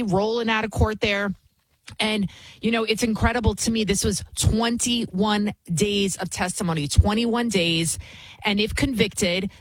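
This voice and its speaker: A woman's voice: mid-range voice, no echo, poor audio. A woman hosting a talk show, giving indignant, emphatic commentary and often repeating phrases for effect. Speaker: show host. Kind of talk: opinionated commentary.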